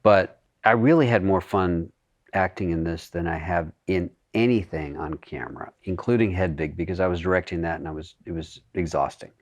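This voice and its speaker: A man with a fairly low voice, chatting as a guest in a podcast interview. He talks in an animated way and breaks into laughs often. The sound is dry and close, with no room echo. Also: normal speed, highs cut off. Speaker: actor, guest.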